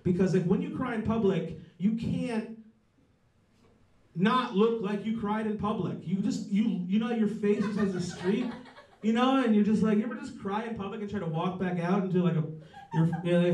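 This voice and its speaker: A man in his thirties performs a stand-up set in a high, light voice, rambling and swearing as he stumbles through restarts and mocks himself. He sounds a bit far from the mic, with a roomy echo. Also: darkish tone. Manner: rambling, profane, self-mocking, halting with many restarts. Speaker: stand-up comedian. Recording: roomy, mic heard from a distance.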